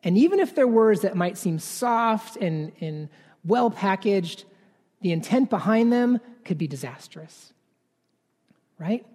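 A man in his thirties, serving as a pastor, preaches slowly in a high, darkish voice full of animation. He keeps it conversational, frequently inserting "right?", and the recording has the long reverb of a spacious hall.

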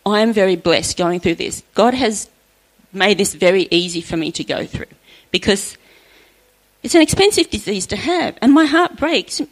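A middle-aged woman sharing an earnest personal faith testimony at church, chatty and often laughing softly. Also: medium pitch, animated, normal speed, rough recording.

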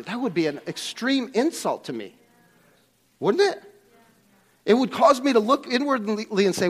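Guy preaching, pretty high voice, gets emphatic, lots of restarts. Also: expressive, moderate pace. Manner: emphatic, rising on key points, with restarts. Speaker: pastor. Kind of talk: sermon.

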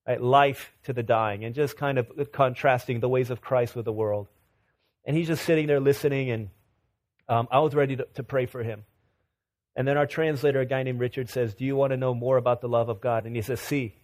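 A man's voice: medium pitch, a little mellow. A man preaching a sermon, telling a mission story with many restarts and rising to fervent emphasis. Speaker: pastor.

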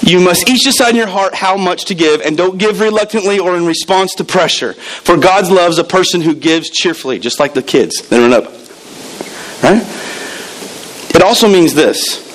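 A man's voice: high-pitched, moderate pace, fairly bright tone, low-quality recording. A man preaching a sermon as pastor, telling stories animatedly and repeating words as he builds up.

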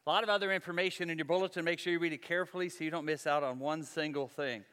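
Man, pastor, sermon, folksy and conversational, smooth clear tone, echo of a large sanctuary. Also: a little high, steady tone, racing, fairly bright tone.

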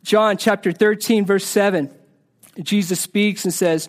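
High-voiced man preaching earnestly. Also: fairly even intonation, unhurried. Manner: earnest, repeats words, drops soft and low on key phrases. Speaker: pastor. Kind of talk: sermon.

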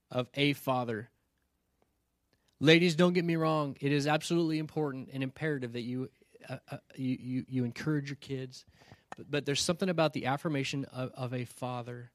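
A man preaching a sermon in a slightly high voice, telling stories in a loose, conversational way and asking "right?" along the way. He earnestly challenges his congregation. The recording is dry, with no room echo. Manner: conversational storytelling, often asks "right?". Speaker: pastor.

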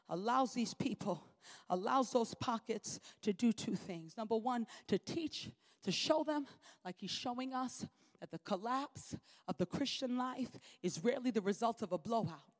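A woman's voice: fairly high pitch, normal speed. A woman preacher delivering a sermon in an emphatic, repetitive preaching cadence.

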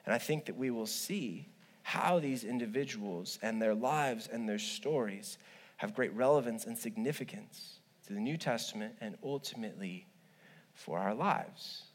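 A male pastor preaching a sermon, telling stories with humorous asides and lively swings between loud and quiet. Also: mid-range voice, moderate pace. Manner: humorous, animated storytelling with asides.

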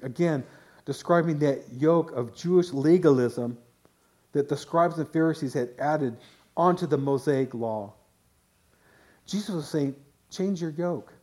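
A man's voice: on the high side, a little slow, pauses often, a little mellow. A man pastor preaching a sermon in a conversational way, often restarting phrases and voicing quotes.

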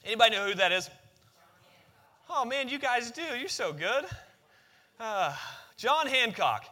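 A pastor preaches into a microphone to a congregation in a church sanctuary, reading scripture and then speaking conversationally, asking the room questions. He's out of breath after the reading. His very high voice is sharp, lively in intonation, and a little slow.

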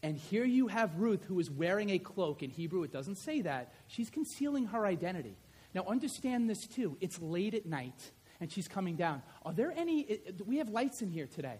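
A man's voice: high voice, moderate pace, husky. A man preaching a sermon, telling stories with energy and acting out scenes. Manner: animated storytelling, acts out scenes.

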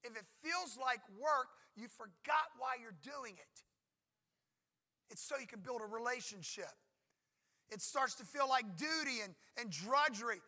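A man in middle age preaching from the pulpit, his voice high and pitched well above most men's. The tone is very bright and ringing. He talks to his congregation in an easy, conversational way, then pushes hard on key points and slips briefly into voices for prayers and for God answering. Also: expressive, a little slow. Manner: conversational, emphatic, acts out prayers and God's replies. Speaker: pastor. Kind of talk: sermon.

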